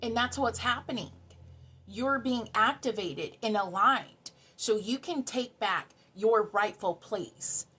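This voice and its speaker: Woman, husky voice, tarot reader, earnest and emotional, repeats words for emphasis. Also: on the high side, slow pace, pushed and bright. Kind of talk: spiritual card reading to camera.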